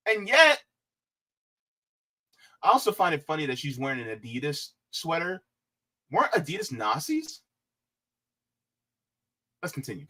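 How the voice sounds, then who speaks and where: Guy reacting to a clip, sarcastic, slow talker, voice bouncing all over. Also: a little high, huge pitch swings, bright, forceful tone. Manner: mocking, sarcastic. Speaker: commentator. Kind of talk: reaction commentary.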